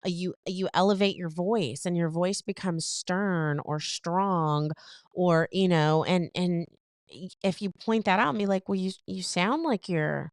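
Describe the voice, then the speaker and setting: A woman co-hosting a casual relationship advice podcast, chatty and full of fillers, acting out what people say in quick little retellings. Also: lowish voice, smooth, dry recording, clean studio sound. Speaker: podcast co-host.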